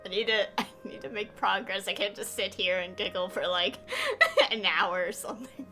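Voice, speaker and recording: A woman's voice: mid-range voice, moderate pace, bright, forceful tone, soft background music. A woman streaming a video game, giggling and gushing about her favorite characters. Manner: giggly, gushing fan reactions. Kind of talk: live game stream commentary.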